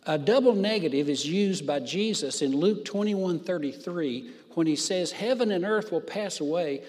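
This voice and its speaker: A man's voice: on the high side, expressive, a little mellow, big-room sound. A man preaching a sermon, stressing words by drawing out his phrases. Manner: emphatic, drawn-out phrases for stress.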